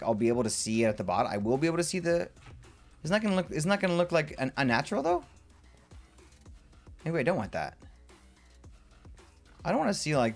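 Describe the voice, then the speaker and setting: Male streamer, lively swooping pitch, excitable rambling chatter, playful rants, asides muttered to himself. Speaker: live streamer. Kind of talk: casual livestream chat while building in a game.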